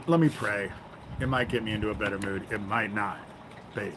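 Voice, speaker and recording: A man's voice: lowish voice, normal speed, noisy background. Angry, profane man ranting on a livestream. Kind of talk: ranting live stream monologue.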